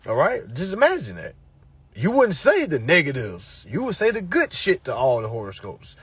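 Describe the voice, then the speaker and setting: A man's voice: fairly high pitch, huge pitch swings, normal speed, a bit bright, husky, no echo. A man giving a preachy motivational talk to his followers, emphatic and repetitive, with blunt profanity. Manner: emphatic, repetitive, peppered with "all right?" and profanity. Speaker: motivational speaker.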